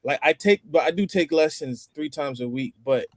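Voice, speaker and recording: Male host, higher-pitched, chatty explainer, dry close sound. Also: moderate pace, no echo. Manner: chatty, explains phrases step by step. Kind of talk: casual roundtable chat.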